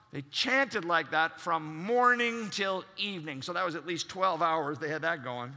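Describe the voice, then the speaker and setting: A man's voice: on the high side, moderate pace, hardly any pauses, pushed and bright. A man preaching a sermon as pastor, emphatic and acting out the voices he quotes. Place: large church. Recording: long reverb in a large church.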